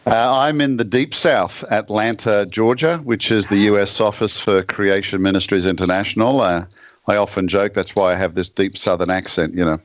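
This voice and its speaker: A man with an Australian accent, a guest on a radio talk show, speaking in a measured, thoughtful way with dry humor. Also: on the low side, steady tone, no room sound, dull audio. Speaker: guest author and ministry leader. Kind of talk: casual radio interview.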